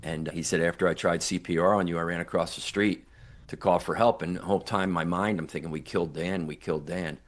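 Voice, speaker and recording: Deep-voiced older man telling his story. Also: steady tone, fast talker. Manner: earnest, reflective, retells dialogue with emphatic quotes. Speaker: guest, near-death survivor and author. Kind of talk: podcast interview storytelling.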